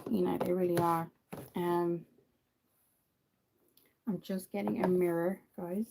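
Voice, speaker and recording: A woman's voice: fairly low pitch, level tone, slow pace, gravelly, noisy background. A woman from Ireland with an Irish accent, chatting casually to viewers while doing her makeup on a livestream. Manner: chatty, answers viewer comments, many fillers.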